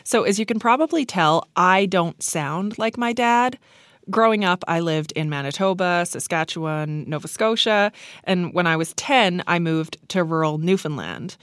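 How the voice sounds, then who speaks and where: A woman's voice: lowish voice, no room sound. Dry-voiced woman radio host. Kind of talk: scripted narration.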